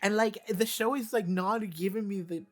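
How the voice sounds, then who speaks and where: An excitable reaction-channel host who rambles, swears freely and jumps between thoughts. The voice sits at an ordinary middle pitch. Now and then they read wiki text aloud in a flatter tone. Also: moderate pace, faint music behind. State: voice briefly cracking. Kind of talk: casual reaction commentary.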